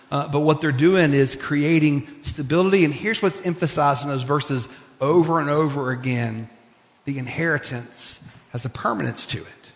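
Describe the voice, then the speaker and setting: A male pastor delivers a sermon in a casual, animated way, slipping in fillers as he retells the story. His voice sits a little higher than most men's. The sound carries a long reverb from the church sanctuary.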